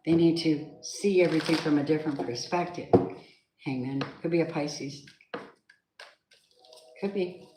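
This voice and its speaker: With a low, steady voice, a measured pace and long pauses, a woman reads tarot for her audience while addressing them directly. She is chatty and emphatic and breaks into snatches of song, in an echoey room with faint background noise.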